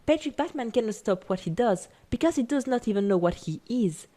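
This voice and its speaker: A woman narrating a scripted video essay in an even, careful reading voice. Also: on the high side, brisk.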